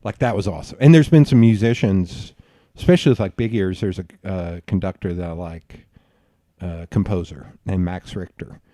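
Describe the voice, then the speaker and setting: A man hosting a podcast, telling rambling stories in a loose, profane, animated way. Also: sits low, moderate pace, no echo, clean studio sound. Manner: animated, profane, rambling storyteller who bursts into laughs. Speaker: podcast host. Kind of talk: casual storytelling chat.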